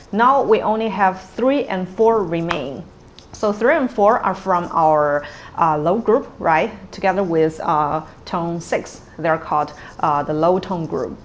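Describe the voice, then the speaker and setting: Lady teacher going over tones real slow, lowish voice, a little background hiss. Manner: patient, drawn-out, models words twice. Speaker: Cantonese teacher. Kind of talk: tone pronunciation lesson.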